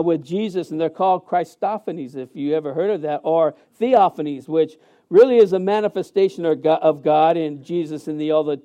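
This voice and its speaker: A man preaching a sermon as pastor in a church sanctuary, emphatic and animated, with many fillers and restarts. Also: on the high side.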